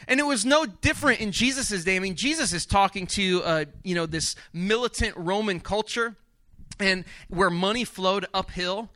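A man preaching a sermon in a conversational, animated way, often restarting his sentences. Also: high voice, normal speed, no echo. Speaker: pastor.

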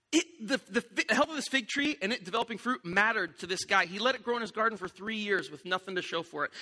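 High, bright-voiced preacher in a reverberant hall. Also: male voice. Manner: conversational storytelling with vivid quoted voices. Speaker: pastor. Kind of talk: sermon.

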